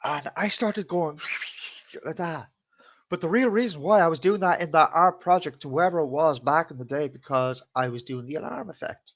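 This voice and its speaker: A man hosts a live stream, casually telling stories on camera, swearing freely and laughing at his own tales. His voice is on the high side and a bit bright, at a moderate pace, and the lo-fi sound is slightly dull.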